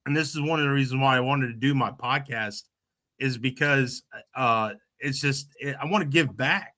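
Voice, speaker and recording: A man's voice: mid-range voice, moderate pace, pushed and bright. A middle-aged man, hosting a casual podcast chat and rambling with many restarts and fillers. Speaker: podcast host.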